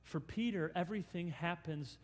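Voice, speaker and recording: A male pastor preaching a sermon, dramatically acting out scenes and swinging between loud and hushed. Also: fairly high pitch, normal speed, big-room sound.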